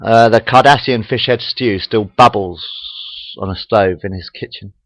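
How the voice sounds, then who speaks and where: A man's voice: on the low side, normal speed, no room sound, dull audio. A man reading his own fan story aloud to a webcam at home, rambling, apologizing and correcting himself as he goes. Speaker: amateur fan fiction reader. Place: home room.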